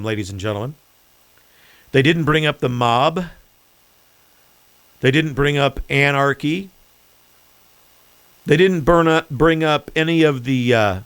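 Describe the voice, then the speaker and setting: A man's voice: mid-range voice, creaky, fairly bright tone, dry recording. A man hosting his own podcast, delivering a sarcastic, mocking political commentary monologue. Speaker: podcast host.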